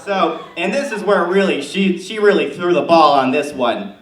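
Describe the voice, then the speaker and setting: A man's voice: high voice, normal speed, close to an everyday voice. A man voicing a brash, gossipy middle-aged suburban mom in a stand-up bit, chatty and rambling, recorded in an echoey room with a far-off mic and noise. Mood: brassy gossip. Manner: chatty, rambling, loud and oblivious.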